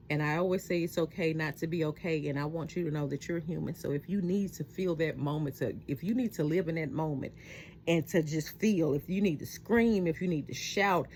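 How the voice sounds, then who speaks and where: A middle-aged woman talking heartfelt and reflective in a personal vlog at home at night, halting often with fillers. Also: low voice, a little mellow, slight background noise. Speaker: vlogger.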